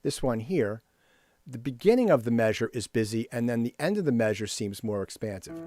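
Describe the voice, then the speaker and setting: Expressive and fairly quick, a man of medium pitch teaches composers about rhythm over a screen share. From his computer he explains and scats rhythms, regularly asking "right?". Faint music can be heard in the dry, close recording.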